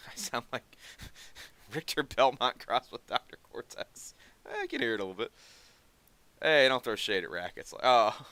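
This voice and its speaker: A man chatting casually on a stream, sarcastic and animated, laughing often as he talks. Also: mid-range voice, measured pace, pauses often, no room sound.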